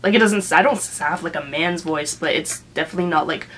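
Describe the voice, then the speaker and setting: A woman's voice: deep voice, fast, a little hiss or hum. A young woman from Canada telling a story to camera in a casual, chatty rant, full of fillers and laughing mid-sentence. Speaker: vlogger.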